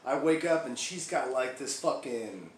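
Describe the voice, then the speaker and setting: A man's voice: medium pitch, animated, unhurried, close to an everyday voice. An actor playing a crude, foul-mouthed male biker gang member who rambles through a comic monologue in an echoey room. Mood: crude ranting. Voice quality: profane, rambling storyteller. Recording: echoey room, faint background hiss.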